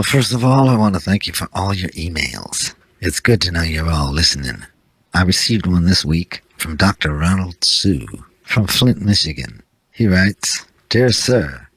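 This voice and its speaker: Deep husky guy doing dry laconic radio dj bits, close and dead dry. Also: no echo. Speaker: radio show host. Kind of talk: scripted radio DJ patter.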